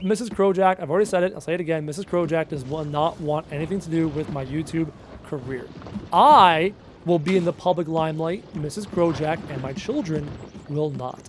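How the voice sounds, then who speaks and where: A man's voice: fairly high pitch, expressive, brisk, a little hiss or hum. Chatty man streaming and reading chat. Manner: chatty, reading out viewer comments and answering. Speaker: gaming YouTuber answering live chat. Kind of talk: casual live-stream chat while playing.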